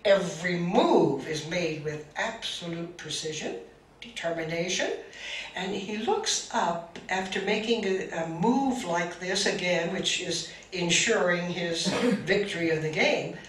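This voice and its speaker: A woman spiritual teacher telling a story to a group, speaking with halting restarts. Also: lowish voice. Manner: slow, halting, with many restarts. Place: meeting room. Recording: roomy, distant mic, faint hiss.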